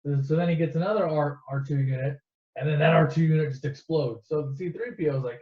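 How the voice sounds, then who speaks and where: A man tells a movie's story in a loose, joking campfire way, tripping over his words and tossing in crude asides. His voice sits a little high. The sound is echoey and dull, like a lo-fi home recording. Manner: rambling, swears, restarts, quick asides. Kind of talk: casual comedic movie retelling.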